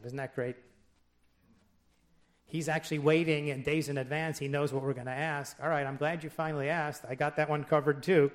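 A man's voice: fairly high pitch, steady tone, normal speed. Wry conversational preacher, a man. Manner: conversational and wry, with joking asides; reads scripture aloud with emphasis. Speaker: pastor. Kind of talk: sermon.

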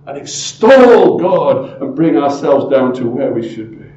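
A man preaching a sermon as pastor, emphatic and full of rhetorical questions, often swinging from loud to hushed. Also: medium pitch, sing-song, takes it slowly, reverberant, dull audio, a little hiss or hum.

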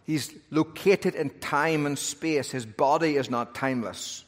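A man delivers a sermon with a fairly high voice, animated and dotted with humor. His phrases swell and settle. A long hall reverb trails behind him. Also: unhurried. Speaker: preacher.

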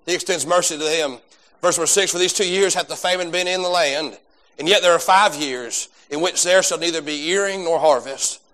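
A man preaching a sermon, swinging between loud drawn-out emphasis and quiet folksy asides. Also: on the high side. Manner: folksy, self-deprecating asides. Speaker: pastor.

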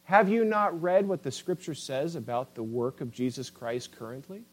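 A man's voice: on the high side, normal speed, poor audio. A man preaching a sermon with impassioned, rising and falling emphasis, addressing listeners as beloved.

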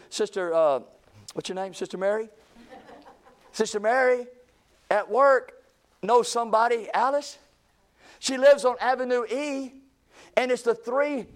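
A man preaching with a fairly high voice. His sermon is folksy and conversational, full of asides to the congregation, then builds into rhythmic, emphatic runs. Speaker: pastor.

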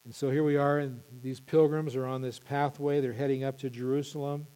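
A male pastor preaching an impassioned sermon, building to loud emphatic peaks. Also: mid-range voice, level tone, a little fast, smooth, long reverb tail.

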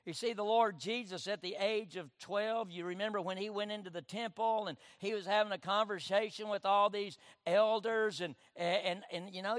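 High pitched pastor guy preaching, dry mic, says amen a lot, gets loud then quiet. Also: no echo. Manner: preaching with call-and-response amens, swinging from loud to hushed. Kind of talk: sermon.

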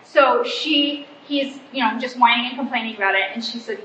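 High-voiced woman in her forties, chatty. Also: moderate pace, fairly bright tone, slight background noise. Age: 40s. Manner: chatty, self-deprecating, acts out family dialogue. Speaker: pastor's wife speaking to a church group. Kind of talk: informal church talk. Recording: roomy, slightly muffled hall recording.

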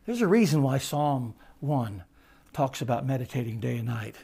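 A man preaching to his congregation in a gravelly voice. He sinks to quiet, drawn-out phrases and then climbs to loud, ringing emphasis. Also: medium pitch, animated. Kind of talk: sermon.

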